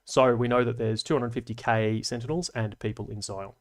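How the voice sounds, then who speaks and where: A man's voice: mid-range voice, fairly even intonation, a little fast. A man with an Australian accent hosting a casual livestream, reading viewer comments aloud and answering them in a chatty, analytical way with dry asides and slang. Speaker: livestream host.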